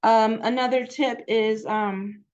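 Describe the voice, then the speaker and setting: A woman's voice: on the high side, fairly even intonation, takes it slowly, darkish tone, muffled recording. Chatty woman giving a library talk. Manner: chatty, digressive, many fillers. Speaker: genealogy presenter. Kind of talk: library presentation.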